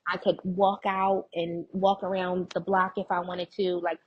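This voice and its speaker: A young woman telling her personal story as a guest in an interview, lively and expressive, often quoting other people. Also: fairly low pitch, a little slow, husky, muffled recording. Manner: animated retelling with quoted voices and laughs.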